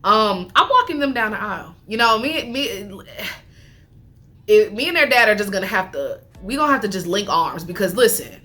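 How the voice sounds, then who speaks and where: A woman chatting casually as she recaps a reality show, animated, laughing often and talking with lots of fillers. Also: medium pitch, normal speed, soft background music.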